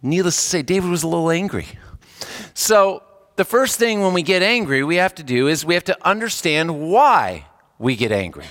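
A man's voice: big pitch swings, normal speed, fairly bright tone, in a large hall. A man, a hospice chaplain, giving a casual, conversational sermon and acting out the people he quotes. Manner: conversational, acts out quoted voices with jumps in pitch.

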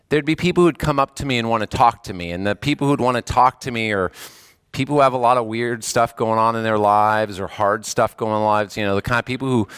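Male pastor, earnest conversational sermon delivery, mid-pitched voice, dry close recording. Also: fairly bright tone, clear, resonant tone, dry recording. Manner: earnest, conversational preaching with rising emphasis.

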